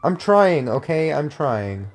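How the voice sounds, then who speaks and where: A man's voice: fairly high pitch, sing-song, slow. Male gamer, crude and rambling, casual co-op commentary. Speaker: gameplay commentator.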